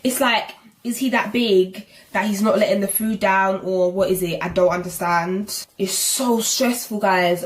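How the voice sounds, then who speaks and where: Young woman, London accent, casual vlog chat, animated, a bit out of breath. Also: mid-range voice. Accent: London English. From England. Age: 20s. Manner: chatty, animated storytelling, breathless asides. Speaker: vlogger.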